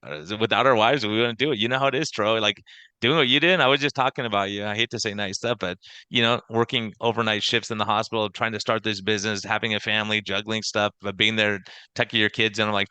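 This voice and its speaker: A man hosting a podcast as a doctor, telling animated stories and acting out quoted conversations in casual chat. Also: lowish voice, quick pace, smooth, no room sound. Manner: energetic storyteller acting out quoted exchanges.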